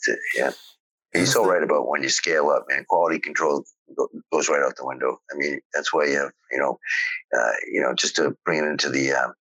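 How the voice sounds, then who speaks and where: Man, extremely deep, husky but bright-edged, dry close sound. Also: fairly even intonation, brisk, dry recording, low-quality recording. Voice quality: agreeable, lots of yeahs. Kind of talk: casual chat.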